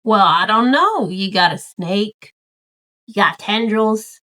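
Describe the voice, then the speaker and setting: A woman's voice: medium pitch, lively intonation, slow, fairly bright tone, no echo, studio quality. A woman playing in a tabletop game, asking playful questions in a casual way. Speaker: player.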